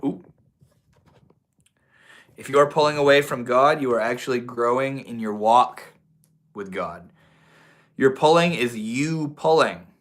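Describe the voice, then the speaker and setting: A man with a medium-pitched, slightly bright voice speaks a little slowly and pauses often. He's tipsy, hosting a casual livestream from home, reading chat comments and drifting into spiritual musings. His manner is loose and profane, with lots of "bro" and "dude" and the occasional preachy burst.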